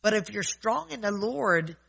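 A man's voice: sits high, animated, a little slow, gravelly, bright, forceful tone, husky, rough recording. A man preaching informally in a conversational way, often checking in with his listeners.

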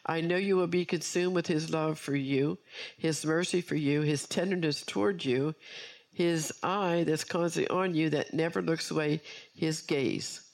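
A woman's voice: low-pitched, steady tone, normal speed, a little mellow. A woman preacher delivering an earnest sermon with personal testimony, repeating key phrases for emphasis.

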